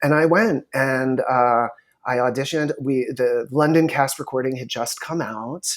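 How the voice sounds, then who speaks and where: A man of ordinary pitch talks in a relaxed podcast interview. He tells stories, and he acts out the people he quotes with lively shifts in voice. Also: a little slow. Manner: storytelling, animated quoting of others. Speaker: talent manager.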